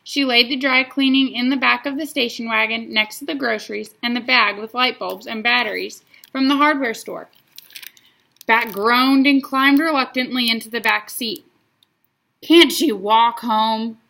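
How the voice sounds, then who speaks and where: A woman reading a children's book aloud in an expressive storytelling manner. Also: on the high side, normal speed, vocal fry. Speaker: reader.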